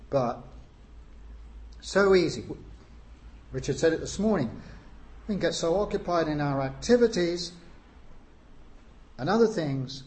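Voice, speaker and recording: A man preaching a sermon, unhurried, with frequent pauses and rising emphasis on key phrases. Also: mid-range voice, darkish tone.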